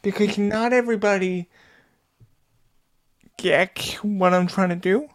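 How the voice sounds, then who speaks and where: A man hosting a casual interview, speaking in an unhurried and affirming way to a friend who is his guest. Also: high voice, steady tone. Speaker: podcast host.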